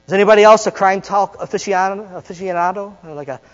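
A male pastor preaching a sermon, leading call-and-response and mixing in joking, conversational asides with dramatic pauses. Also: high voice. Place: church sanctuary. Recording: dull lo-fi recording with long hall reverb and mains hum.

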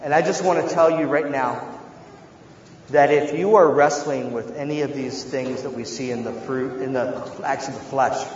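A man preaching a sermon as a pastor, earnest, moving between hushed tones and loud emphasis. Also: mid-range voice, steady tone, normal speed. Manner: earnest, shifts from hushed to shouting. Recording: echoey hall, dull and slightly noisy.

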